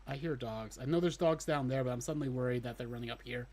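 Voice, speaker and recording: A man's voice: medium pitch, fast, a little mellow. Man, let's play commentary, chatty, self-deprecating, mid-range voice. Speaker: streamer playing a game.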